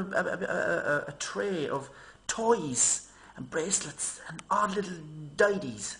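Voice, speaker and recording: A man's voice: high voice, slow, a little hiss or hum. A man rambling casually to his camera, telling stories and mimicking people in a raised voice. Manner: chatty, animated storytelling, mimics people in raised voice. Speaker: vlogger.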